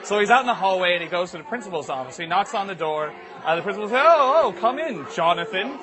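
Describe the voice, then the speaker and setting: A man's voice: high voice, very fast, fairly bright tone, a faint crowd. A young man telling a long comic story to a live audience, rambling with lots of fillers.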